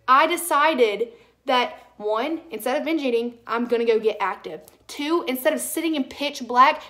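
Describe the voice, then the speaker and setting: A woman's voice: fairly high pitch, fairly bright tone. A young woman hosting a personal podcast monologue, emotional and rambling, with many "like" fillers. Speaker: podcast host.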